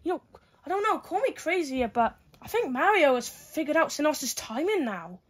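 A woman giving excitable play-by-play fight commentary, full of exclamations and counts. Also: high-pitched, moderate pace.

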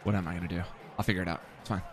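A young man giving live commentary while playing a video game, swearing and repeating himself, sometimes breaking into yells. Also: sits low, rapid-fire, a little hiss or hum. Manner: swears and mutters the same phrase over and over; excitable, jumps into yelling.

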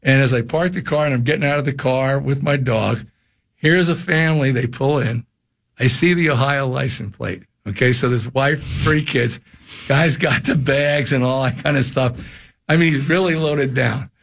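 An older man, a radio show guest, telling casual stories in an animated way, his voice jumping high when he acts out shouts. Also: moderate pace, creaky. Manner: animated storyteller, jumps high for quoted shouts. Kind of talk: casual storytelling chat. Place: radio studio.

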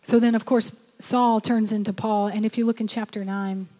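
A woman's voice: mid-range voice, fairly even intonation, moderate pace, mellow, big-room sound. A woman pastor preaching a sermon, exhorting her listeners and urging them on. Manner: exhorting, repeats "come on".

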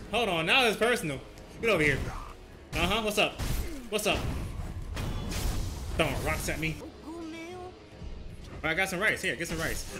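A man giving excitable gameplay commentary, trash-talking and yelling at the enemies he fights. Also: fairly high pitch, normal speed, long pauses, music in the background. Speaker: gaming video host.

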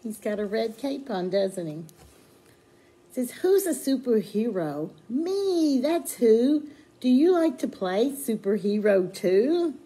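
A children's librarian leading a sing-along storytime for babies, slow, sing-song and encouraging as she sings nursery rhymes and reads. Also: fairly high pitch, very animated, dark tone.

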